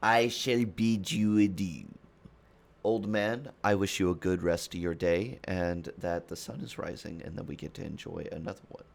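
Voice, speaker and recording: A man's voice: low-pitched, creaky. A man doing a pompous winged boy. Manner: slow, loud and pompous. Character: cocky winged boy, grandly formal.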